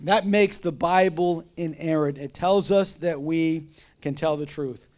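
A man's voice: a little high, a little slow, darkish tone. A man, a pastor teaching a church class in a casual, conversational way, often interrupting himself and asking the room questions.

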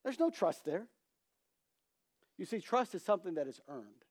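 A man's voice: high-pitched, moderate pace. A man preaching a sermon, telling humorous stories and acting out the characters' voices. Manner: storytelling, acts out quoted voices, animated emphasis.

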